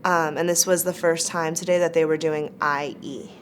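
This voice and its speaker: Teacher woman talking through her lesson, lowish voice, faint hiss behind. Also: fairly even intonation, moderate pace. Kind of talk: interview commentary on a lesson.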